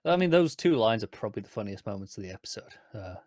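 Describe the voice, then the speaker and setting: A man's voice: lowish voice, very animated, fast, no echo, studio quality. Easygoing man chatting about TV. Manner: easygoing, agreeable, trails off softly. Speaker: podcast co-host. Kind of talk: casual review chat.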